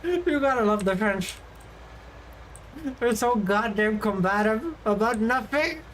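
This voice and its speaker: Slow, chatty woman streamer who laughs a lot. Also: fairly high pitch, animated, slight background noise, low-quality recording. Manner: chatty, laughs often mid-story. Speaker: VTuber streamer. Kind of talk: casual stream chat, storytelling.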